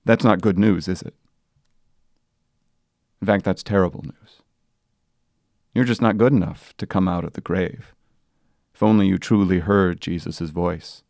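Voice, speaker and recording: A man preaching a sermon as pastor, earnest and plain, building to loud emphatic passages. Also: deep voice, fairly even intonation, measured pace, creaky, long pauses, dry recording, studio quality. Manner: earnest preaching, rising to loud sung quotes.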